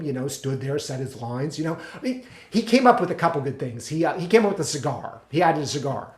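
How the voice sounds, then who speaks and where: A man's voice: on the high side, roomy sound. A man performing a comic storytelling monologue, chatty and exasperated. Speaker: solo stage performer.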